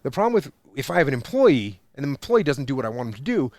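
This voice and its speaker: A man's voice: medium pitch, very animated, quick pace, a little mellow, no room sound. A man in his forties speaks in a dry, close voice, with no room sound around it. He drives his points home emphatically, stacking one phrase on another as he explains. He sounds like a former military leader talking things through on a podcast. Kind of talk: casual podcast conversation.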